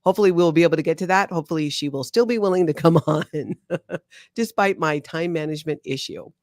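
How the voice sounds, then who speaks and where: A woman co-hosting a casual chat, reading reviews aloud in an animated, self-mocking way with frequent laughs. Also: sits low, quick pace, no room sound, studio quality. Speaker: co-host, former member discussing the church.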